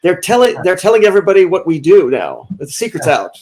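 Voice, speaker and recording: A man's voice: sits high, big pitch swings, a little fast, darkish tone. A man who is a guest on a livestream, teasing the host with dry jokes. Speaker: guest collector selling art. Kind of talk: casual live-stream banter.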